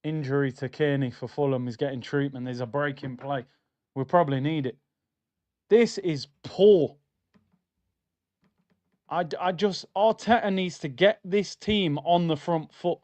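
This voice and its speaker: A man's voice: a little high, a little slow, long pauses, darkish tone. A young man hosting a live football watchalong, talking in slangy, exasperated banter about the match.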